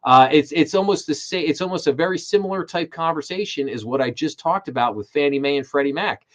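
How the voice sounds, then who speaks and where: A man's voice: a little high, a little fast. A middle-aged man hosting a live finance commentary stream, emphatic and repeating his words when he gets worked up. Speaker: host.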